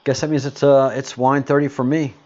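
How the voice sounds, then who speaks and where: A man's voice: medium pitch, level tone, brisk, a little mellow, highs cut off. A man hosting a casual livestream, greeting viewers and answering chat comments in a rambling, hesitant way with lots of fillers. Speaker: livestream host.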